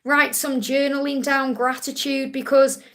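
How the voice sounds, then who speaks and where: A woman from England with a Stoke-on-Trent accent and a high voice. She gives a live-streamed card reading in a soothing, reassuring way and calls her viewers honey. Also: flat delivery, a little slow, gravelly, a bit bright. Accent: Stoke-on-Trent English. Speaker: psychic reader.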